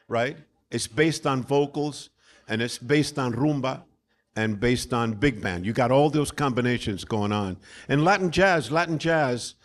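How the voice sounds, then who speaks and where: An older male musician whose first language is Spanish, talking loosely and repeating himself as a guest on a live panel. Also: medium pitch. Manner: loose, repetitive, laughs often, trails off. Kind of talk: live panel discussion, storytelling.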